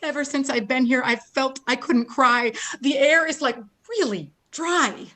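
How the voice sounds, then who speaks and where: Woman reading a bright-voiced, chatty American girl. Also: sits high, unhurried. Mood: tearful chatter. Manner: chatty, rambling, tearful. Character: shy but talkative young American woman, weepy. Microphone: video call.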